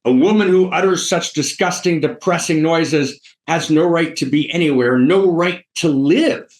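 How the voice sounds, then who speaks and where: A man's voice: mid-range voice, huge pitch swings, unhurried, darkish tone, roomy sound. A man reading out a haughty, scornful male phonetics professor in an emphatic, declamatory way.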